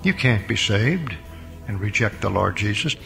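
Older preacher with a gravelly, lively voice. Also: male voice, lowish voice, moderate pace, in a large hall, faint music behind. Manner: dramatic preaching with wide swings between loud emphasis and quiet asides. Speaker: pastor. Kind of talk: recorded Bible lecture sermon.

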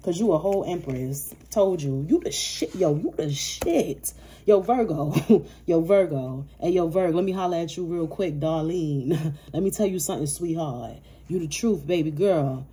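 Low-voiced, profane woman reading tarot. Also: normal speed, few pauses, dark tone. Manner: profane, laughing, playful hype-talk. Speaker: tarot reader. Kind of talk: casual tarot reading monologue.

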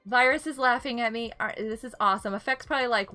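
A woman's voice: fairly high pitch, quick pace, bright, forceful tone, soft background music. A young woman live-streaming a game, chatting casually and giggling often as she greets viewers.

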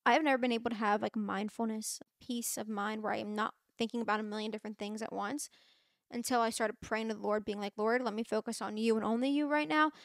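A woman's voice: fairly high pitch, no echo, studio quality. A young woman hosting a podcast, talking casually and earnestly about faith, with lots of fillers and restarts. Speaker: podcast host. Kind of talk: casual faith talk to listeners.

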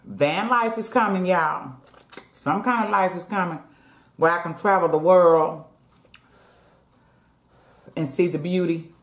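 A woman's voice: lowish voice, unhurried, long pauses. Chatty woman eating on camera, echoey room. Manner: chatty, talks straight to viewers as "y'all", eats between words. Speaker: mukbang vlogger. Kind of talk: casual chat while eating. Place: at home.

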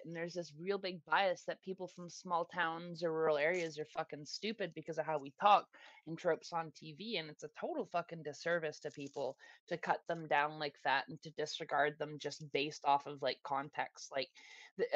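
A woman's voice: sits low, no room sound. A woman from Canada, a podcast guest, talking bluntly in casual chat with plenty of swearing. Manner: blunt, heavy swearing, emphatic. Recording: dull lo-fi dry sound.

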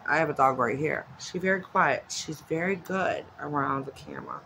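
A woman's voice: deep voice, huge pitch swings, moderate pace, vocal fry, few pauses, fairly bright tone, slight background noise, poor audio. A woman vlogging at home in a casual, chatty way, rambling off into asides. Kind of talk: casual chat. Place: at home with her dog nearby.

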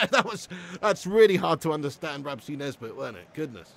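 His fairly high voice swings widely in pitch, moves fairly quickly, and has a creaky edge, with a slight hiss or hum on the recording. He's a man streaming a football game, reading chat, swearing, laughing, and rambling loosely with viewers.

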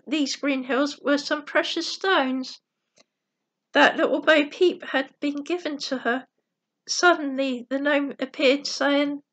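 A woman reading a bedtime story aloud in a gentle, unhurried way, correcting herself now and then. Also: high voice.

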